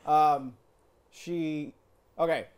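A man hosting a live improv comedy show, upbeat and quick with jokes, often laughing at his own asides. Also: a little high, steady tone, clean tone. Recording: live audience in the room.

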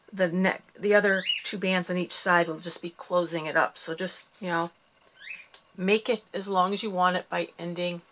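A woman's voice: on the low side, a bit bright, a little hiss or hum. A woman hosting a casual craft tutorial, counting the steps aloud and making chatty asides, a little out of breath. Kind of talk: casual loom bracelet tutorial.

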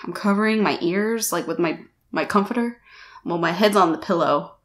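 A woman's voice: fairly low pitch, normal speed. A woman vlogger telling a story to the camera in a casual, chatty way, full of "like" and "you know", with some casual swearing, recorded on a camera-mounted shotgun mic.

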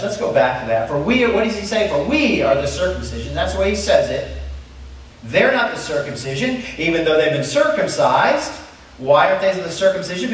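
A man's voice: high-pitched, very echoey, distant mic, poor audio. A man pastor preaching a sermon verse by verse, asking the congregation rhetorical questions and repeating key points.

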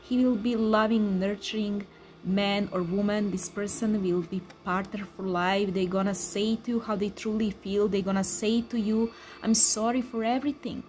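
A woman who speaks English as a second language, giving a tarot card reading in an emphatic, repetitive way with excited exclamations. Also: mid-range voice, normal speed, slight background noise. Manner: non-native English speaker. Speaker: tarot reader.

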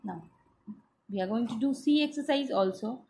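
A woman teacher with an Indian English accent, giving a slow, patient class lesson that spells out each step. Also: fairly high pitch, expressive, creaky, dark tone, slight background noise.

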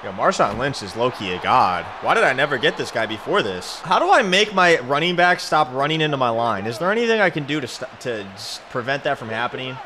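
A man giving live commentary over a football video game, excitable and trash-talking, shouting at his players. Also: medium pitch, fairly quick, hardly any pauses, noisy background. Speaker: gaming YouTuber.

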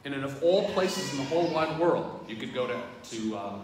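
A man's voice: mid-range voice, animated, brisk. A man, a priest, giving a sermon in a conversational way and speaking straight to the congregation. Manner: conversational, addresses the congregation directly. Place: large church. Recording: very echoey church, distant mic, background noise.

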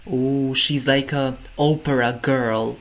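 A man's voice: medium pitch, steady tone, slow pace, noisy background. A man hosting a music reaction video, gushing over the performance and exclaiming over and over in amazement. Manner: effusive, keeps exclaiming "oh my god". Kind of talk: reaction commentary.

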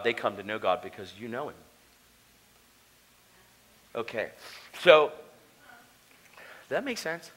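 Bright-voiced preacher telling his story. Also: mid-range voice. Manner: animated storytelling, slangy with "man" and "dude". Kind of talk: conference sermon testimony. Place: conference hall.

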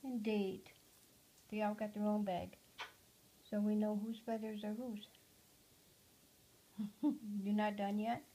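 A woman at home talking to her pet parrot in a casual home video, cooing softly and often dropping to a hush. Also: mid-range voice, flat delivery, slow pace, pauses often, slight background noise, rough recording. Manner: soft, cooing talk to a pet, often hushed.

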